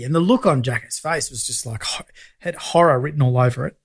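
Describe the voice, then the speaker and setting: Animated Australian man telling stories. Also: fairly high pitch, fast talker, husky. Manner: animated storyteller, acts out dialogue. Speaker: guest, business coach. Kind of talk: casual storytelling chat.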